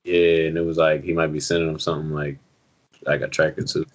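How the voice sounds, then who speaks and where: A man co-hosting a podcast, chatting casually about music in an animated, slangy way full of "yo". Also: extremely low pitch, brisk. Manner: animated, slangy, drops lots of "yo". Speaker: podcast co-host. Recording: dull lo-fi recording.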